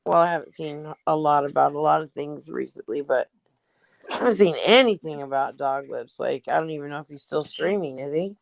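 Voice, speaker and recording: A woman's voice: sits low, a little fast, gravelly, dry recording. A woman chatting on a livestream call, laughing often. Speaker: guest on a stream. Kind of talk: casual chat.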